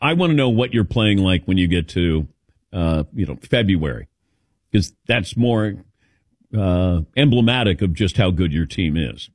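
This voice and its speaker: Radio sports host guy, pitch jumps all over, dry studio sound, lots of um and you know. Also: a little slow, no echo. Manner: lively, rambling with many fillers. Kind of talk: casual radio chat taking calls.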